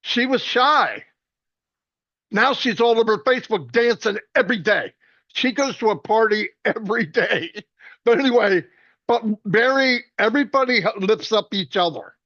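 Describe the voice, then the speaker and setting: A man with a high voice tells loose, joking stories about his friends, stumbling and restarting as he goes. The sound is dry and a little dull, like a low-grade recording. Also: animated, sharp tone, no echo. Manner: rambling, joking, quick restarts. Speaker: speaker at a celebration. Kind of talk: casual storytelling tribute.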